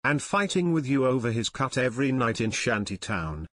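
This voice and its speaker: A man's voice: medium pitch, sing-song, normal speed, a bit bright, dry recording. A man reading an audiobook, voicing a harsh, sneering adult gang leader in a dry, close recording. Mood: angry.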